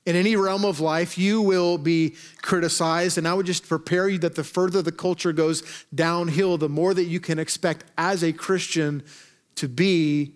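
Male pastor, slightly high voice, chatty preaching with wry humor. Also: moderate pace. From Arkansas. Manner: conversational, joking preacher with lively asides. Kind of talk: sermon.

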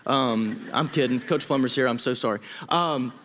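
A man's voice: medium pitch, moderate pace, a bit bright. Earnest emotional male pastor preaching. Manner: earnest, emotional and pleading, with frequent restarts. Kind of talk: sermon.

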